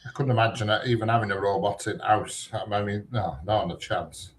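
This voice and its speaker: A man's voice: lowish voice, brisk. A British man in casual chat as a co-host, blunt and opinionated and swearing casually.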